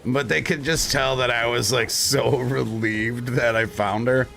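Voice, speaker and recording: A man's voice: medium pitch, unhurried, gravelly, soft background music. A man streaming live, chatting casually and telling stories with lots of swearing and frequent laughter. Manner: animated, swearing storyteller who laughs often.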